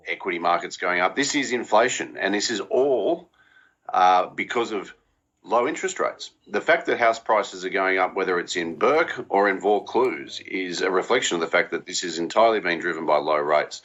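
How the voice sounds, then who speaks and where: A man, speaking as an economist guest and giving steady, firm expert commentary. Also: deep voice, normal speed. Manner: steady, explanatory, firm opinions. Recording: dull lo-fi audio.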